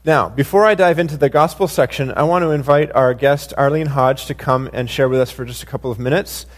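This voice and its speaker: A male pastor speaks to his congregation during a service, handing the floor to a guest. His voice sits at an ordinary middle pitch. He talks in a relaxed, unpolished way, with frequent uhs and ums. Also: fairly quick. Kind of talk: sermon, introducing a guest.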